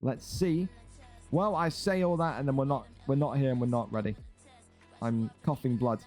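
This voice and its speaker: A man's voice: mid-range voice, moderate pace, a little mellow, soft background music. An exasperated, sarcastic man, ranting and swearing as a streaming league host. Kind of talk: ranting livestream commentary.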